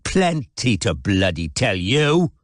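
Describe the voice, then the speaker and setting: A man voicing a spiteful, hysterical middle-aged Welshman with a Welsh accent, sneering and shouting in an audiobook. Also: fairly low pitch, big pitch swings, slow pace, dry recording, studio quality, heavily acted. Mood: furious. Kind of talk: audiobook character voice.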